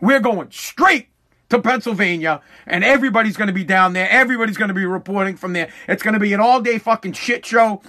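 A man in full rant mode, swearing freely and circling back over his points. His voice sits high and sounds bright and edgy, lifting higher whenever he pushes a point. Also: fast talker, hardly any pauses. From Massachusetts. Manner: profane, animated, repeats himself. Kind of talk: casual rant monologue.

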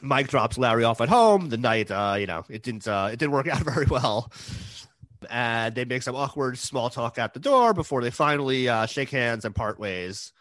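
A man's voice: mid-range voice, lively intonation, moderate pace, a bit bright, no echo. A man recapping a TV episode in casual chat, hesitant, with many fillers and restarts. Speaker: podcast co-host recapping an episode.

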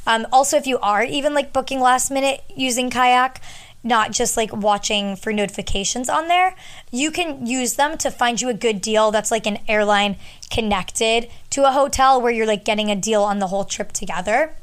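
A woman's voice: on the high side, normal speed, clean tone. A young woman talking casually to her audience, sharing travel tips in a chatty, rambling way with lots of fillers. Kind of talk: casual advice talk.

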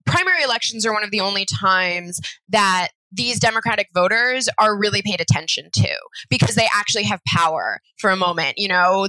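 Bright-toned woman, earnest organizer. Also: medium pitch, animated, fairly quick, few pauses, dry recording, rough recording. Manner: earnest, thoughtful explaining. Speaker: political organizer. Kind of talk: interview conversation.

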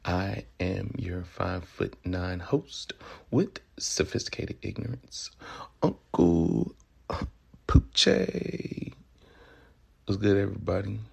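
Gravelly, husky Southern man. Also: low-pitched, steady tone, measured pace, darkish tone. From Memphis, Tennessee. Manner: loose, profane, joking. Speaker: podcast host. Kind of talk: casual solo podcast monologue.

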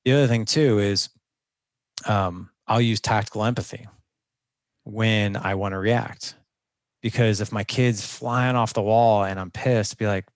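A man's voice: on the low side, fairly even intonation, measured pace, no room sound, studio quality. A man speaking as a guest coach in a conversational interview, earnest and instructive, often restarting his sentences.

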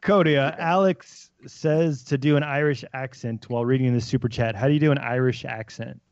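A man's voice: mid-range voice, fairly quick, darkish tone, no echo. A man co-hosting a podcast from home, goofy and laughing often as he reads the chat. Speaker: podcast co-host. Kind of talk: casual banter, reading chat. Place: home room with a barn-style set. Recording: dry, slightly dull sound.

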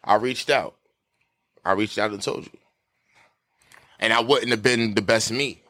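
A man's voice: on the low side, measured pace, sharp tone, dry recording. A man co-hosting a podcast, in casual banter, defending himself with repetitive, slangy pushback. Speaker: podcast co-host.

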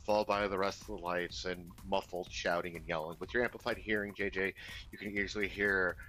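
A man's voice: low voice, fairly even intonation, fairly quick, bright, forceful tone, soft background music, rough recording. A man narrating as game master of a tabletop game, rambling with many fillers.

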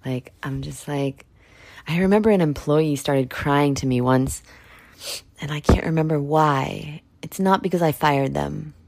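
Woman in her thirties, solo podcast host; deep voice, candid and profane, rambles casually. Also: measured pace, creaky, darkish tone. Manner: candid, blunt, rambling with fillers and swearing.

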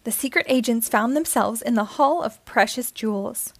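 A woman reading a children's picture book aloud, narrating with expressive storytelling. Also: a little high, moderate pace, no echo. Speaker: storytime reader.

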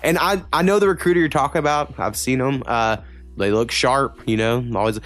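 A man's voice: medium pitch, fairly quick, a bit bright. Young adult man, loose rambling co-host, heavy swearing, faint music bed. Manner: rambling, swears a lot, many fillers. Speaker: podcast co-host. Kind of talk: casual chat.

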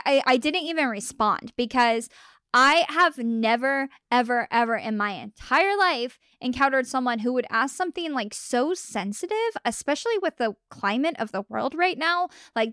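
A young woman tells a story in a casual, animated way, often laughing and acting out what others said. Her voice sits a little high and comes through smooth and clear, close and dry with no room sound. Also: no echo. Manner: animated retelling with frequent laughs and acted quotes. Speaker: podcast host.

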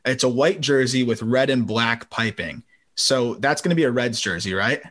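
A man's voice: medium pitch, moderate pace, a bit bright. A man hosting a laid-back sports podcast from home. He chats freely, laughs often and restarts his sentences as he goes. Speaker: podcast host. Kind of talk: casual sports podcast chat. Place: home during a summer thunderstorm.

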